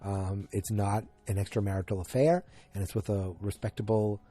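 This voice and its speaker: A man's voice: lowish voice, steady tone, moderate pace, warm tone. A man hosting a podcast, chatting through an episode recap in a rambling way that flares into exasperation. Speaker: podcast host.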